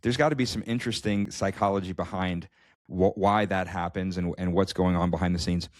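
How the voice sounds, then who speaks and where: A man's voice: deep voice, steady tone, fairly quick, dry recording, studio quality. A man co-hosting a podcast, telling a personal story in casual chat with many restarts and stammers. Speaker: podcast co-host.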